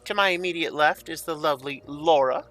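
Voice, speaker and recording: A man's voice: a little high, brisk, sharp tone, faint music behind. A man running a tabletop game as game master, enthusiastic and rambling as he introduces the players.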